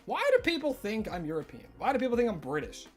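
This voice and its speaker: A man's voice: high voice, huge pitch swings, fast talker, soft background music. A man with an Australian accent chatting casually with viewers on a livestream, rambling and filling his talk with "like". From Tasmania, Australia. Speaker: streamer.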